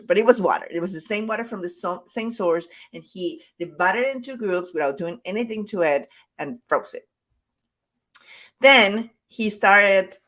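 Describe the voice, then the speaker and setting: A woman coach delivers a conversational motivational talk in a fairly low voice. She is emphatic and returns to her key points to drive them home. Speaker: self-love coach.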